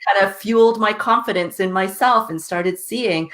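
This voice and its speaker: A success coach appearing as a podcast guest tells her story earnestly but casually, often adding "right?" with a light laugh. Her mid-range voice is fairly bright and moves at a normal speed.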